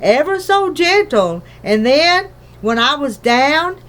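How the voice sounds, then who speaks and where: A woman's voice: high-pitched, very animated, slow pace, fairly bright tone, voice pushed up, heavily acted. A woman reading a storybook aloud, voicing a small, careful father who rambles in homely country speech. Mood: earnest. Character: small careful father, tiny borrower man.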